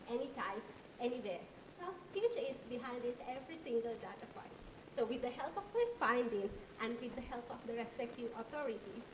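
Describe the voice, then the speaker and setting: A woman presents a prepared research pitch in a steady, recited way. Her voice is fairly high and sounds distant from the mic, echoing in the room with clear noise. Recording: distant, echoey, noisy room.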